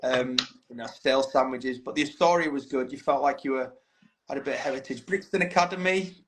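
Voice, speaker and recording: Background noise sits under this mid-range, slightly fast male voice. The speaker, a band frontman guesting on an informal podcast, tells stories openly, swears a lot and frequently says "mate."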